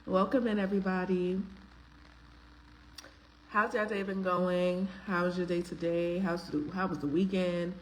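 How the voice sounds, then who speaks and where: A woman's voice: on the low side, fairly even intonation, a little slow, pauses often, slight background noise, low-quality recording. A woman, hosting a live faith-based talk stream, greeting viewers by name in a chatty way with frequent ums. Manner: uses casual slang, filler ums. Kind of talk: casual live-stream chat.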